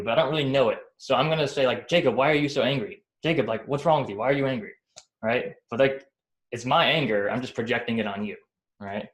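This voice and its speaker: A man with a fairly low voice explains psychology in a loose, conversational way. He strings thoughts together with fillers and keeps asking the listener "right?". The sound is echoey, as if recorded in a bare room. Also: fairly bright tone. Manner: rambling, many fillers like "right?" and "like". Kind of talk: casual explanatory talk.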